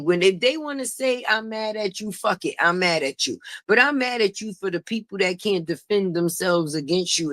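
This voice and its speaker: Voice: mid-range voice, fairly bright tone, no echo, studio quality. A channel host giving a blunt, profane gossip commentary, repeating points for emphasis and laughing mockingly.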